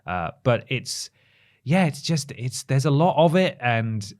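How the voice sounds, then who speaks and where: A man's voice: mid-range voice, big pitch swings, a little slow, darkish tone. A man, co-hosting a casual gaming podcast, chatty and wryly exasperated. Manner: chatty, exasperated ranting, wry. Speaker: podcast co-host.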